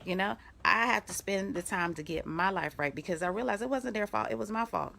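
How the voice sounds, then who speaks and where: A middle-aged woman life coach giving an animated, storytelling motivational talk on a live video. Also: medium pitch, gravelly, slight background noise. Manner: animated storytelling with quick bursts of laughter; breaks off to give firm commands.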